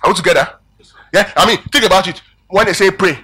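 A man preaching a sermon, animated and emphatic, calling out questions to his congregation. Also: fairly high pitch, racing, slight background noise. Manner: emphatic, animated preaching with rising and falling volume.

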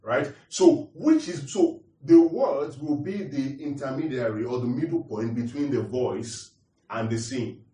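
A man's voice: medium pitch, unhurried, dark tone. Man, preacher, sermon, repeats points, quizzes congregation, echoey room, distant mic. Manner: repeats points, asks the audience questions. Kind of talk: sermon teaching. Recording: roomy echo, distant mic.

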